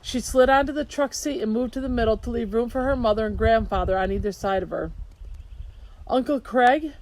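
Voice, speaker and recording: A woman reading a children's novel aloud in steady storytelling narration. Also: a little high, quick pace, poor audio. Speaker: audiobook narrator. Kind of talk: scripted narration. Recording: hiss behind voice.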